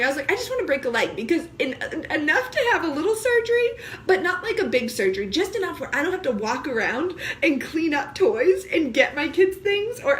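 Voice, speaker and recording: High voiced mom vlogging, bright tone, jokey and laughing a lot. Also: female voice, slight background noise. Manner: animated, laughing, joking asides. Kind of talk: casual talk to camera.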